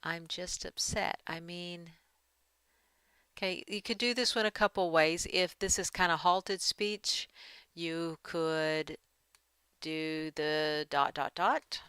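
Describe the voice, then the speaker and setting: A woman's voice: lowish voice, slow, sharp tone, clean tone, no echo. A woman giving a writing lesson, talking through edits as she works and reading draft passages aloud. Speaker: writing teacher. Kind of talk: screen-share editing lesson.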